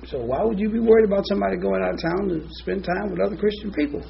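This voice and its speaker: A man preaching a sermon, telling a joke story with quiet quoted voices and lively shifts in pitch. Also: racing, vocal fry. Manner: animated storyteller, voices soft and low for quoted lines. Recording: slightly dull with faint noise.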